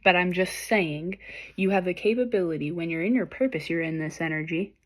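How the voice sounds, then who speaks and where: A young woman reads tarot cards for her viewers in a loose, animated way. She swears freely and speaks straight to the people watching, pushing them to go after their purpose. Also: lowish voice, a little fast. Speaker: tarot reader. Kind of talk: casual tarot reading to camera.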